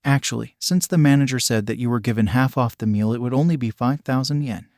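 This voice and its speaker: A man voicing a brisk, formal waiter in a fan fiction audiobook. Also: mid-range voice, darkish tone, dry recording, clean studio sound, close to an everyday voice.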